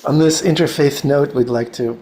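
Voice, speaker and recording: A man's voice: fairly high pitch, normal speed, mellow. A man moderating a temple class, making brief, easygoing remarks to the group. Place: temple hall.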